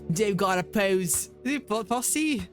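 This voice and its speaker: A man voicing a laid-back hippie stoner who drawls his words and drops "man" into every phrase. The voice sits a bit high, with soft music playing faintly underneath. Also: lively intonation, slow pace. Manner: drawling slang, man and dude.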